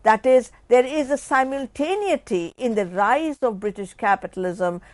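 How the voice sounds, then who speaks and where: A woman giving a measured academic lecture, restating her points and stressing key words before letting phrases trail off. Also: a little high, animated, dry recording. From India. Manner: measured, restates points, rising emphasis then dropping off.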